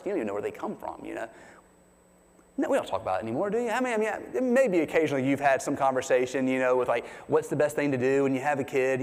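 A man preaching a sermon as pastor, chatty and animated, asking the congregation questions. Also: medium pitch. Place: church sanctuary. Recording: long reverb of a large hall.

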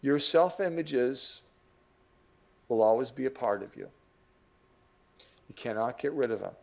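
A man's voice: medium pitch, animated, measured pace, vocal fry, long pauses, dull audio. A man teaching a self-improvement lesson as an earnest, vivid storyteller. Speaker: motivational teacher. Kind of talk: storytelling lecture.

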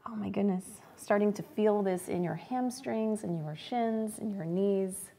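A woman teaching a live-streamed beginner yoga class, giving gentle cues and chatting with viewers. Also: medium pitch, unhurried, creaky.

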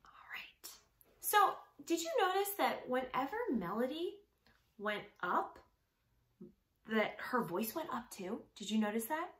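A young woman teaching music to preschoolers at home, speaking slowly and with exaggerated expression, asking children questions and answering for them. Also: fairly high pitch, very animated, echoey room. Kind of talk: sing-song lesson for small children. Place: home room.

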